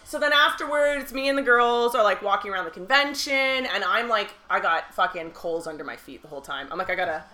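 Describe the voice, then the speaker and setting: A woman co-hosting a podcast, telling a story in a casual, animated and profane way. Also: medium pitch, brisk, few pauses. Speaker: podcast co-host. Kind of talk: casual chat.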